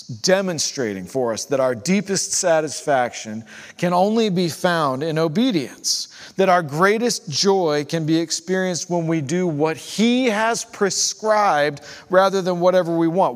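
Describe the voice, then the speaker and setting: Man preaching in a reverberant hall. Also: fairly high pitch. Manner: rhetorical, builds with repeated questions; drops to a quiet hush on key phrases. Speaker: pastor. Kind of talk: sermon. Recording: long church hall reverb.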